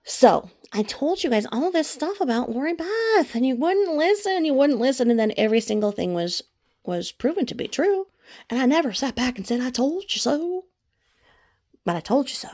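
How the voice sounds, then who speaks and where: A woman's voice: high-pitched, big pitch swings, moderate pace, a little mellow. Rambling woman in a gossip monologue. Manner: rambling, sarcastic, many fillers and restarts. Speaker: YouTube commentary channel host.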